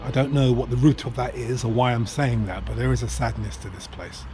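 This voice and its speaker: A man's voice: medium pitch, steady tone, brisk, warm tone, slight background noise. A man talking to the camera as a travel vlogger, musing and chatty as he walks city streets. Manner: musing, chatty, talks to himself. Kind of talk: casual vlog narration. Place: city streets and hotel room.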